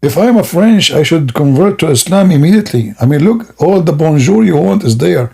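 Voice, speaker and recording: Gravelly, husky man mocking on a stream. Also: on the high side, lively intonation, fairly quick, hardly any pauses, dark tone. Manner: sarcastic, rambling, laughs at own jokes. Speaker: livestream host. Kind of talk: mocking comedic commentary.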